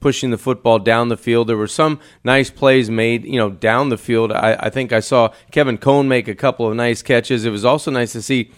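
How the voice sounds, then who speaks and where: Smooth-voiced male radio football analyst. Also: medium pitch, steady tone. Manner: halting, repeats words when starting thoughts. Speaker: color analyst.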